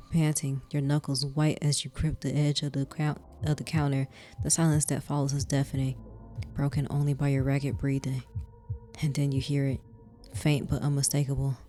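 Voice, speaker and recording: A woman streamer reading a story game aloud with dramatic narration, breaking into loud, squealing reactions. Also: low-pitched. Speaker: gaming streamer.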